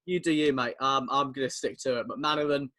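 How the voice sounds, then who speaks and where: A man's voice: mid-range voice, steady tone, brisk, pushed and bright. A young man in his twenties with an English accent, co-hosting a casual podcast chat over a video call, chatty and laughing often as he tells stories. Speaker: podcast co-host.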